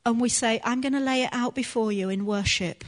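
Female preacher, earnest teaching tone, a touch high-pitched. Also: a little fast. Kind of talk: sermon.

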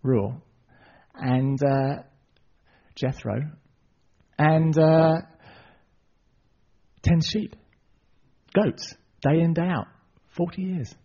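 Male preacher, husky, animated storytelling with asides; dull recording. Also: a little high, very slow, pauses often. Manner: lively retelling, asides to the audience. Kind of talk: sermon storytelling.

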